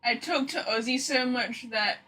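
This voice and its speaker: A woman's voice: sits high, moderate pace, pushed and bright, faint music behind. A young British woman chatting casually on a game stream, laughing easily and reacting aloud. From Britain. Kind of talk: casual live-stream chat.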